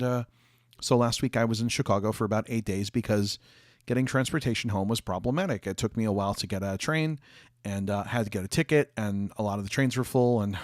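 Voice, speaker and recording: A young man talks off the cuff to his livestream audience, wandering through his thoughts with plenty of ums and restarts. His voice sits at an ordinary middle pitch and sounds close and dry, with almost no room behind it. He is a little hoarse, coughing and hiccuping now and then. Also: dry recording. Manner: rambling, many fillers and restarts. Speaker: streamer chatting with viewers. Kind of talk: casual livestream chat. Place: office.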